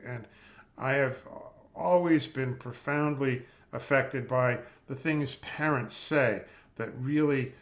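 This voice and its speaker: Male doctor lecturer, medium pitch, measured and explanatory, spells out terms, close mic. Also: fairly bright tone. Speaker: physician lecturer. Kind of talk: recorded lecture over slides. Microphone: close mic, seated.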